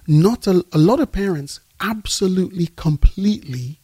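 Husky, earnest male podcast host. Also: high-pitched, expressive, normal speed, warm tone, dry recording. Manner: earnest, repeats and restarts while building a point. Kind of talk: faith-based parenting talk.

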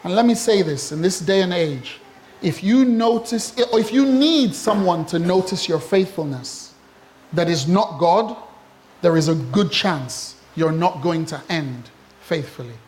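A man preaching a sermon as a pastor, animated and humorous, with asides to the congregation and acted-out quotes. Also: sits high, unhurried, slight background noise.

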